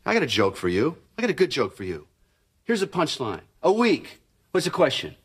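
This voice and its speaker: An actor playing a blustery, joking sitcom father who hosts a TV tool show, teasing and quick to make a joke. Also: a little high, huge pitch swings, slightly rough, full character voice. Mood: scolding. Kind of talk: sitcom acting.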